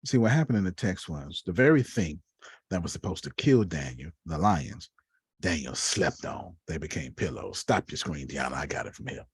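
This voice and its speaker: A man, teaching a lively, preachy Bible lesson over a video call and calling on listeners by name. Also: deep voice, normal speed, slightly rough, no room sound. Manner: uses Black church phrasing.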